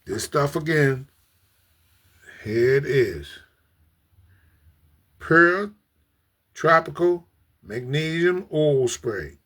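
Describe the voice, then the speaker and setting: A man hosting a casual livestream, talking earnestly and emotionally to his viewers, often repeating himself and addressing them as ladies and gentlemen. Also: a little high, lively intonation, drawn-out words, pauses often. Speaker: livestream host.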